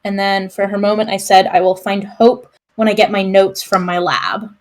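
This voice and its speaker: A woman with a mid-pitched voice describes her character to the group. She talks chattily, filling gaps with "like" and quick animated asides. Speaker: player. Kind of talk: casual character introduction.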